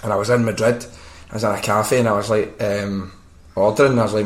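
A Scottish man hosts a casual podcast chat, telling animated, sweary stories. His voice sits on the lower side. The recording is roomy, with a noticeable echo. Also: fast talker. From Scotland. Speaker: podcast host.

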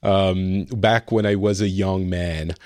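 A man in his forties hosting a casual podcast chat, animated, laughing often, his pitch jumping up when excited. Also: takes it slowly, no echo, clean studio sound. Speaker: podcast host.

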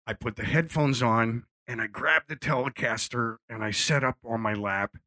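A middle-aged man telling a casual, animated story, acting out what people said and swearing freely. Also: medium pitch, normal speed, hardly any pauses, no echo. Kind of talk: casual anecdote.

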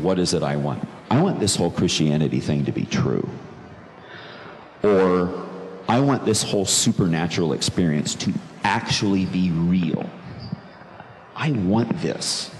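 A man's voice: low-pitched, a little mellow. A man telling a personal story in an earnest, reflective way, repeating phrases for emphasis. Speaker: speaker telling his conversion story. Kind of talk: personal testimony talk. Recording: long reverb in a large room, faint background noise.

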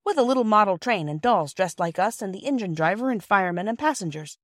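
A woman's voice: mid-range voice, animated, fast, fairly bright tone, no room sound, clean studio sound, lightly acted. A woman voicing a cocky young boy in a storybook reading, speaking in a blunt, matter-of-fact way.

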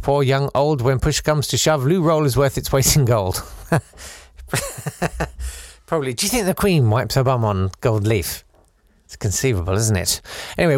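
A man's voice: mid-range voice, no room sound, studio quality. A man hosting a podcast in a casual, rambling way, reading listener messages with self-deprecating asides. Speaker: podcast host.

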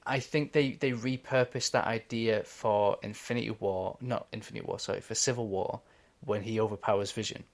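A man's voice: fairly low pitch, fairly even intonation, normal speed, few pauses. A young man co-hosting a podcast, talking enthusiastically and casually, swearing now and then and laughing often. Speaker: podcast co-host. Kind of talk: casual chat.

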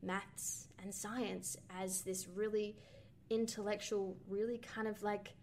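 A young woman in mid-range voice talks a film over on a podcast, thinking aloud with plenty of "um" and "like". She wanders through her points in a relaxed, chatty flow. A faint noise sits under her voice. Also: mid-range voice, slow pace. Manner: thoughtful, rambling with many ums and likes. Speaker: podcast co-host. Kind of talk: casual film discussion.

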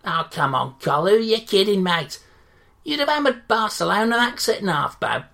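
A woman voicing a pushy male sports radio reporter in a comedy sketch, who talks loudly and gushes. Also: medium pitch, sing-song, normal speed, creaky. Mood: gushing. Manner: loud, gushing, pushy.

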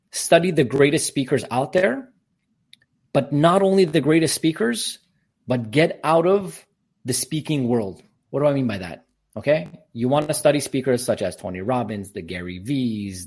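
A man speaking as a podcast guest, with a slightly husky voice at a middle pitch. He talks in long, emphatic runs like the motivational speaker and coach he is. He pushes his points with conviction. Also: darkish tone. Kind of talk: podcast interview answers.

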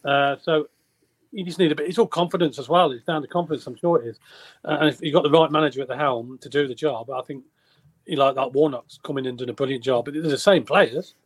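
A man's voice: mid-range voice, steady tone, quick pace, no echo. A man on a football podcast panel who rambles and repeats himself as he talks. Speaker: podcast guest. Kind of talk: casual chat.

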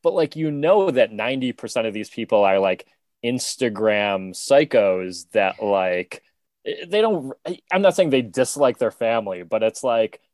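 A man's voice: medium pitch, expressive, a little slow, darkish tone, no room sound. A man, a comedian guest on a podcast, chatting casually in a rambling, wry way. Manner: rambling, many fillers, wry. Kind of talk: casual chat.

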